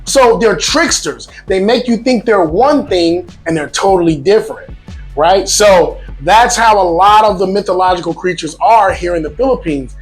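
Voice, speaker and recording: A man hosting a casual vlog, talking to viewers in a lively, joking way with emphatic asides. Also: sits high, moderate pace, faint music behind. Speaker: vlog host.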